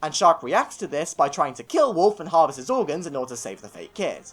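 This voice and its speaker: Animated English man reviewing a show. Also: a little high, brisk, slightly rough, faint music behind. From England. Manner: opinionated, with sarcastic mini-rants. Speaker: film and TV reviewer. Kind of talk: scripted video review narration.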